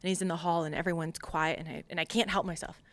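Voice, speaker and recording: A woman from Long Island, a podcast guest, telling her story in a lively way, laughing often and acting out dialogue. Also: fairly low pitch, fast, dry recording. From Long Island, United States. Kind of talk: casual storytelling interview.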